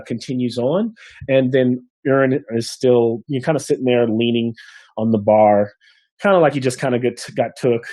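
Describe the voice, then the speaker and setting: A man's voice: medium pitch, mellow, no echo. A man narrating as game master of a tabletop game, rambling with many restarts.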